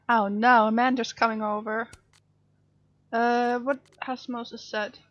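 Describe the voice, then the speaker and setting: A woman's voice: fairly high pitch, little pitch movement, takes it slowly, fairly bright tone, dry recording, muffled recording. A woman playing a story game and chatting along with sympathetic reactions. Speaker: gaming streamer. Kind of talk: let's play commentary.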